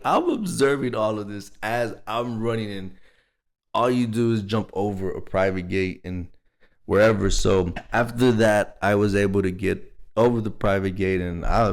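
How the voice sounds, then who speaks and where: A young man from Texas, telling a personal story in a rambling, casual way, full of "like" and "you know what I mean". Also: fairly low pitch. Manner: rambling, filler-heavy, laughing storyteller.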